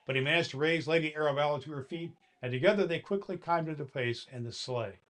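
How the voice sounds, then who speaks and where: A fairly high-pitched man talking fast takes on the role of Santa Claus. He gently reads a children's story aloud, addressing the boys and girls who are listening.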